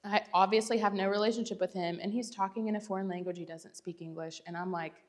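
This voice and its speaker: A woman's voice: mid-range voice, steady tone, quick pace, darkish tone. Chatty young woman teaching. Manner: chatty, laughs often, self-deprecating. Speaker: church speaker. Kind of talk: casual Bible teaching talk.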